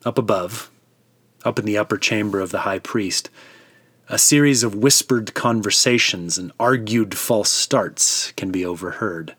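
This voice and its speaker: A man's voice: lowish voice, unhurried, a bit bright, slightly rough, no room sound. A man narrating a dramatic retelling of a scripture story in a vivid storyteller's manner.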